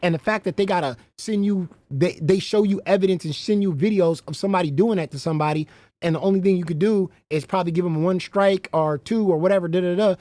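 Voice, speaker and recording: A man's voice: high voice, quick pace, darkish tone, no room sound. A man hosting a casual livestream, rambling, swearing freely and breaking into laughter often. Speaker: livestream host.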